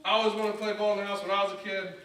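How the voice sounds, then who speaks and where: High bright-voiced man telling funny stories. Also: level tone, racing, a little hiss or hum. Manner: self-mocking, storytelling with acted-out dialogue. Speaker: guest comedian. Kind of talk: stand-up comedy in church. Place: church sanctuary. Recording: echoey church hall from far off.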